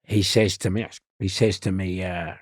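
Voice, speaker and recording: A man with a London accent, a podcast guest telling stories in an animated way and acting out the voices of the people in them. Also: deep voice, normal speed, breathy edge, no echo, studio quality. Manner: animated storyteller who acts out voices and laughs often. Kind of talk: storytelling in a podcast interview.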